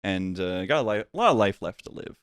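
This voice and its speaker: A man casually telling a long story on a podcast, acting out the people in it with big jumps in pitch. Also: fast, smooth, no room sound. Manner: animated, acts out voices with big pitch jumps. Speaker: podcast guest.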